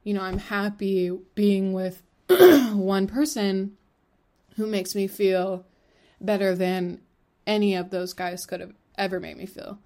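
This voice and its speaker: A woman's voice: medium pitch, fairly even intonation, takes it slowly, mellow. A woman in her twenties hosting a solo podcast, talking frankly and rambling, with lots of fillers and swearing. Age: 20s. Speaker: podcast host. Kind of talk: candid solo podcast talk.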